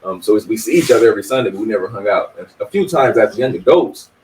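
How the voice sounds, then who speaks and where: A man's voice: lowish voice, expressive, very fast, darkish tone. Candid young man, slightly distant mic. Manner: candid, reflective, laughs often. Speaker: guest. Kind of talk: casual podcast conversation. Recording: somewhat distant mic, faint noise.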